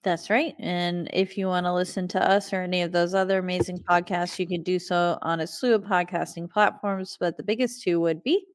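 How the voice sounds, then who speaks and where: A woman co-hosting a podcast in a relaxed, joking chat, laughing easily between thoughts. Her voice sits a little low and comes across smooth and clear. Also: fairly quick, hardly any pauses, dry recording, studio quality. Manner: giggly, playful. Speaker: podcast co-host. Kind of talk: casual podcast outro chat.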